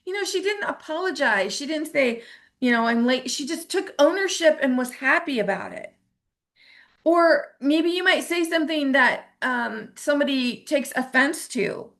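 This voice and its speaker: A middle-aged woman with a somewhat high voice leads a self-help lesson. She speaks earnestly and encouragingly, and slips into short acted-out quotes to make her points. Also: expressive, normal speed, a bit bright. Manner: earnest and encouraging, acts out little quoted lines. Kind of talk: motivational talk.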